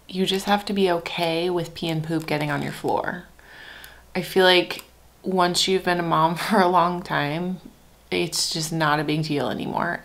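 Young mom vlogger, low gravelly fry, frank and chatty, laughs a lot. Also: female voice. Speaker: parenting vlogger, mother of three. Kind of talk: casual chat to camera. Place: at home.

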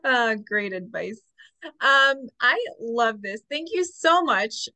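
High bright woman hosting. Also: big pitch swings, takes it slowly, dry recording. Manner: upbeat, encouraging. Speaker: host. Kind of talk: casual interview chat. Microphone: video call.

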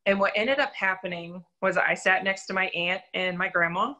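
Earnest young woman with a bright voice. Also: mid-range voice, normal speed, lo-fi sound. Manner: candid, earnest storytelling with self-deprecating laughs. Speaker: church volunteer sharing her testimony. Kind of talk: personal faith testimony in an interview.

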